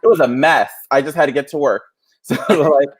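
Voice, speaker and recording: Speaking at a normal speed in a fairly high voice, a man from around New York City hosts a podcast. His storytelling is chatty and casual, heavy with fillers.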